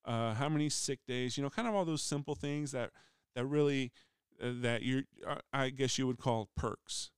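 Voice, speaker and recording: A middle-aged man talks through a story from his workplace in a loose, rambling way, often stopping to restart his sentences. His voice is very smooth and clear. The sound is dry and close, with no room around it. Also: mid-range voice, moderate pace, no room sound. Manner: rambling, frequent restarts, acts out quoted voices. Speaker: union steward. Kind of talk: casual storytelling monologue. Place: voice message recording.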